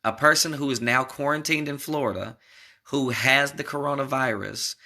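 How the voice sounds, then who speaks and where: A man delivers casual commentary to camera in a bright, forceful voice at a middle pitch. He rambles with restarts and hammers his points, talking directly to the people watching. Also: normal speed. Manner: rambling, emphatic, talks straight to viewers. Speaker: political commentator. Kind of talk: casual political commentary vlog.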